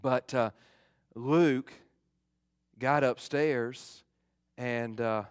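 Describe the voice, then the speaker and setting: A middle-aged male pastor giving a fervent sermon, swinging from loud emphasis to hushed appeals. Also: medium pitch, fairly even intonation, very slow, smooth, no room sound, clean studio sound.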